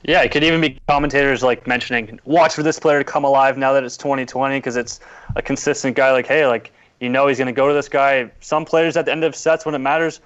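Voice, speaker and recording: A man chatting casually as a podcast guest, relaxed and conversational. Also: medium pitch, quick pace, highs cut off. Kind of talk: casual chat.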